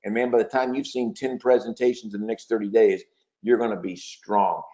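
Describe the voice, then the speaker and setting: A man's voice: lowish voice, steady tone, brisk, dark tone. Male sales trainer, persuasive coaching tone, muffled webinar sound. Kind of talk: webinar training talk with role-play. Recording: dull lo-fi webinar audio.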